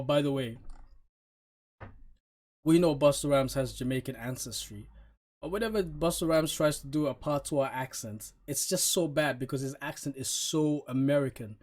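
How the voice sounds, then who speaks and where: A man talks through an album track by track, blunt and dismissive. He speaks in a middle-pitched voice, casually, with frequent "uh"s and restarts. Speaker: album reviewer. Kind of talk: casual opinionated review.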